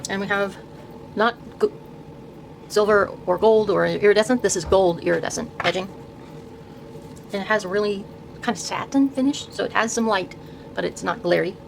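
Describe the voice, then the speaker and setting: An older woman hosting her own video, softly showing tarot decks and reading card names aloud, often trailing off and restarting words. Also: mid-range voice, moderate pace, creaky, long pauses, a little hiss or hum, poor audio. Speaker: host showing her tarot deck collection. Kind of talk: soft-spoken casual deck walkthrough.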